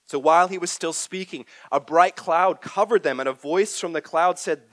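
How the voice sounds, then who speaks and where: A man preaching a sermon, swinging from loud emphatic bursts to hushed, near-whispered lines. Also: a little high, normal speed, hardly any pauses, dry recording. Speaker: pastor. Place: church hall.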